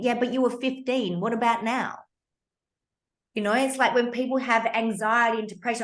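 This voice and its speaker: Animated Australian woman in her fifties. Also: on the high side, moderate pace. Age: 50s. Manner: animated, emphatic, blunt, occasionally swears. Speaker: podcast host. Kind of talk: personal storytelling in a podcast conversation.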